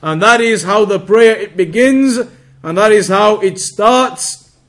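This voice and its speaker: A man teaching a religious lesson, reading Arabic text quickly and then explaining it slowly, drawing out words to demonstrate pronunciation. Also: high voice, a bit bright. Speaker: Islamic teacher.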